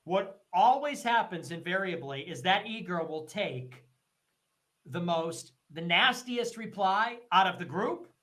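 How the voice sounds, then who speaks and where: A livestream host rants in heated, profane commentary, repeating his points and mocking others with shrill put-on voices. His delivery is expressive and measured, with a sharp tone.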